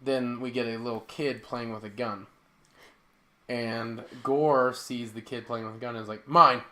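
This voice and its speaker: A man's voice: mid-range voice, flat delivery, moderate pace. A man co-hosting a podcast, recapping a film in casual chat and finishing his co-host's sentences. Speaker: podcast co-host.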